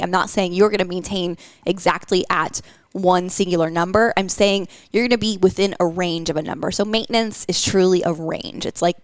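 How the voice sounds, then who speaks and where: A woman's voice: on the low side, dry recording. A woman hosting a podcast as a nutrition coach, talking casually with many fillers. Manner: chatty, lots of fillers.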